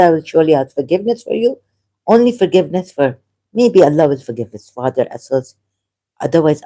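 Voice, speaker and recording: Solo vlogger: mellow, dark tone, halting and argumentative, reads passages aloud between asides. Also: mid-range voice. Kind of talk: rambling solo monologue.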